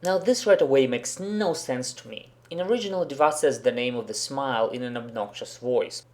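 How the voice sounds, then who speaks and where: A man whose first language is Russian, working as a professional interpreter, hosts a commentary video. His mid-range voice is a little mellow and moves at a moderate pace as he delivers a blunt, sarcastic, profane critique.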